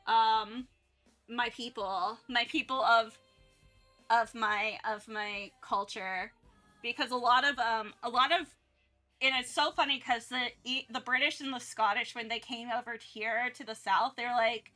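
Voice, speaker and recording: Bright young woman rambling on stream. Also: a little high, steady tone, unhurried, soft background music. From North Carolina, US. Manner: rambling, many restarts and fillers. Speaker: art streamer. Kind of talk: casual livestream chat.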